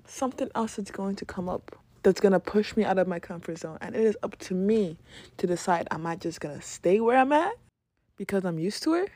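Animated woman with lively pitch. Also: brisk. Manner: animated, laughing, swearing, acts out quoted voices. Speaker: podcast host. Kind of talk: casual spiritual podcast monologue.

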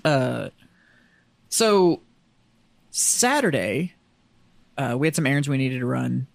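A man's voice: medium pitch, big pitch swings, takes it slowly, vocal fry, no echo. A man in his thirties co-hosting a podcast, telling stories in casual, profane chat with frequent laughter. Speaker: podcast co-host.

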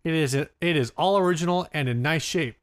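Jokey male podcast co-host, slightly high voice. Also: quick pace. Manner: jokey, teasing banter. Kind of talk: casual chat.

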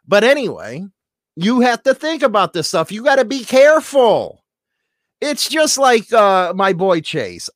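Loud, joking middle-aged man host. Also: sits high, dry recording, clean studio sound. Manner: loud, joking, crude, swings from shouting to mumbling. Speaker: radio-style show host. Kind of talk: casual rambling monologue to a live chat.

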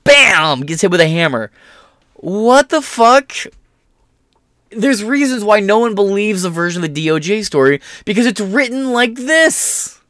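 A man with a somewhat high voice, swearing freely and dripping with sarcasm as he rants through the news. He keeps jumping into mocking impressions of the people he talks about. The sound is close and dry, with no room around it. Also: very animated, normal speed, few pauses, sharp tone, no room sound. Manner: profane, sarcastic, mocks people in put-on voices. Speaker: political commentary host. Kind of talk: casual ranting commentary.

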